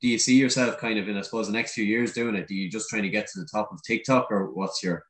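Man, podcast host, low voice, casual rambling questions, swearing, echoey room. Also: steady tone, quick pace, fairly bright tone. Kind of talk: casual interview chat.

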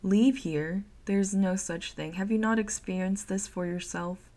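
A woman's voice: medium pitch, a little slow, warm tone, natural voice. A woman voicing a grumpy, reclusive male head-creature that collects eyes, speaking in an annoyed, judgmental way. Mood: sly.

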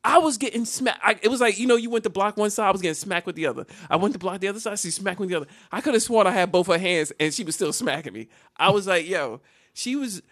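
A man's voice: sits high, quick pace, hardly any pauses, a bit bright, no room sound, studio quality. A man telling a comedic story on a podcast. He laughs often and acts out the voices and sounds of other people.

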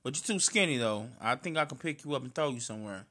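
Animated, bright-voiced St. man. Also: mid-range voice, fast. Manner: loud, animated storyteller, slangy and emphatic. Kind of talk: casual chat between cousins.

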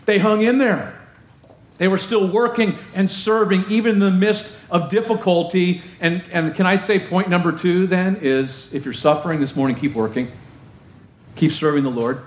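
A man's voice: high voice, moderate pace, roomy sound. A man preaching a sermon as pastor, emphatic and repeating phrases for effect.

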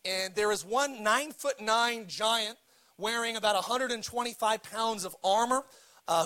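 A man's high, pushed, bright voice carries his sermon as a pastor. He cracks jokes, retells scripture casually, and leads his congregation in repeating words back.

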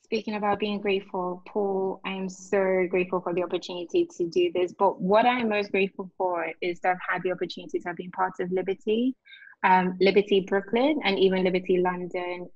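Female guest from Nigeria, warm and animated, dry close audio, a bit dull. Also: fairly low pitch, brisk, no echo. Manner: warm, laughing, animated storytelling. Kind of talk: casual video-call interview. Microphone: video call.

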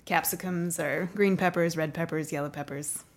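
A woman in her thirties with a North American accent talks as a guest in a relaxed interview. Her voice sits a little low, and her talk is chatty, full of fillers and frequent laughter. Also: moderate pace. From North America, half Canadian, half American. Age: 30s. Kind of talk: casual interview chat.

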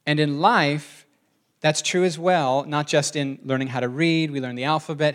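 A man's voice: a little high, fairly even intonation, normal speed, fairly bright tone. A man preaching a sermon in a conversational way, often asking the congregation questions. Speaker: pastor.

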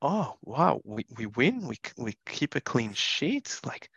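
A man's voice: mid-range voice, very animated, takes it slowly, gravelly, a bit bright, breathy edge, lo-fi sound. A young man co-hosting a casual football podcast, blunt and opinionated, tripping over repeated words when he gets going. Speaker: podcast co-host. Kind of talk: casual chat.

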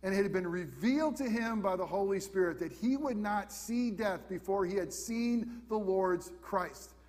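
High-voiced man preaching in a hall. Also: normal speed. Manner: emphatic, repeats questions, swings between loud and hushed. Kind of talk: sermon.

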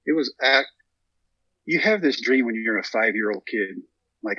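A man's voice: medium pitch, normal speed, slightly rough, no echo, highs cut off. A man in his thirties from Texas, a guest telling a long story and acting out what people said. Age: 30s. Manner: animated storyteller acting out quotes. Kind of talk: storytelling interview.

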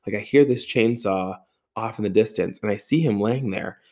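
A man telling a long personal story in a lively way, with sound effects and casual swearing. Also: fairly low pitch, normal speed. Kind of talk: storytelling monologue.

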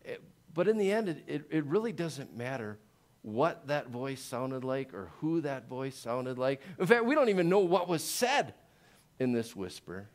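Man preaching, hushed then rising. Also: medium pitch, very animated. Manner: swings between hushed, slow lines and loud, rising peaks. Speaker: pastor. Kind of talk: sermon. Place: church.

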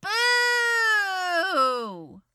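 A woman's voice: extremely high pitch, sing-song, extremely slow, heavily acted. A woman voicing a brash, playful young woman who teases her friends, in a podfic. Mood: teasing. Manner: loud, mocking, playful. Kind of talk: podfic character voice.

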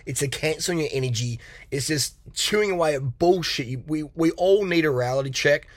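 A man's voice: on the high side, a little fast, dry recording, studio quality. A middle-aged man giving a blunt, profane motivational rant as a coach, mocking and laughing often. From Australia.

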